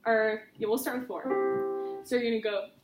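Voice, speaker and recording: A woman's voice: fairly high pitch, steady tone, moderate pace, music in the background. A woman voice teacher giving a private singing lesson, chatty and encouraging as she explains with vivid images. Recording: roomy studio with faint noise.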